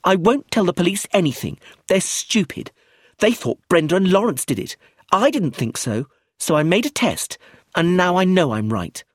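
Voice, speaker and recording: A precocious little girl voiced by a male narrator with a raised, lively pitch and a smug, eager manner. The husky voice underneath gives her an audiobook feel. The recording is close and dry. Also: normal speed, no echo. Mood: smug excited.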